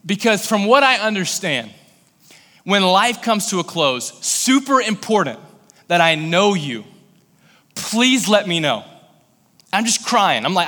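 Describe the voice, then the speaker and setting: A man's voice: sits high, expressive, normal speed, bright, forceful tone, in a large hall. A man from Kentucky preaching a sermon in a casual, conversational way, growing intense and pleading in prayerful passages. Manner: conversational, filler-heavy storytelling. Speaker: pastor.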